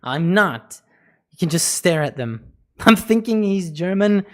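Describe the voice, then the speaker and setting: A male streamer in casual livestream chat, talking in an unhurried drawl. He jokes and swears freely and drops mock snippets of other languages between laughs. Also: sits high, expressive. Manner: joking and profane, breaking into mock foreign phrases; laughs often between lines.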